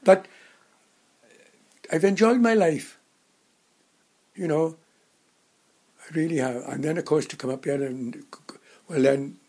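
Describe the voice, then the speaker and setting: A man in his nineties reminiscing in casual conversation, a halting storyteller who rambles and restarts his sentences. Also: a little high, steady tone, a little mellow. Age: 90s. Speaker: interviewee.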